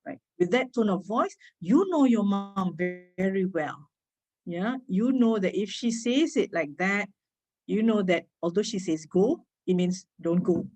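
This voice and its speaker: A woman with a Malaysian English accent giving an informal reading-skills lecture, chatty, asking her listeners quick tag questions and laughing lightly between points. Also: mid-range voice, expressive, darkish tone, rough recording. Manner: chatty, code-switching, asks rhetorical tag questions. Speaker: reading workshop speaker.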